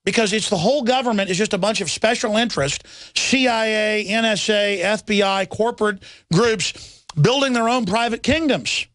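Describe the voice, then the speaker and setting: A man's voice: high-pitched, moderate pace, a bit bright, no echo. A middle-aged man hosting a talk radio show, reading headlines and ranting in a heated, rambling way, often repeating himself. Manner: heated, rambling, repeats words when agitated.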